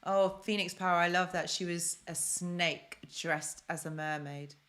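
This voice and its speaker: A woman's voice: fairly low pitch, steady tone, a little slow, a bit bright. London-born woman hosting a live stream. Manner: chatty, repeats phrases for emphasis, reads out viewer comments. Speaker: host of a self-help live stream. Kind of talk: casual live-stream coaching talk.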